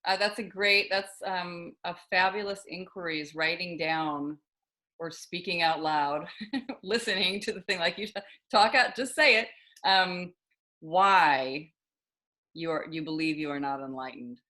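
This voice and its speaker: A woman's voice: on the low side, measured pace, sharp tone. A woman hosting a podcast, reflective and thinking aloud in casual conversation. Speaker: podcast host.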